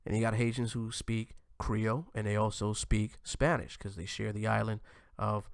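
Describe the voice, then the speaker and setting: A man hosting his own show, talking in a loose, animated monologue that often ends lines with "man" and restarts mid-sentence. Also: lowish voice, moderate pace, vocal fry, clear, resonant tone, no echo, clean studio sound. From United States. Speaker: host. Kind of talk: casual commentary monologue.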